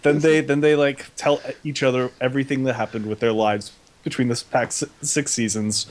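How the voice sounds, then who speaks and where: A man's voice: medium pitch, steady tone, normal speed. A young man casually recapping an episode with a comedic twist, paraphrasing the characters in slangy, offhand voices.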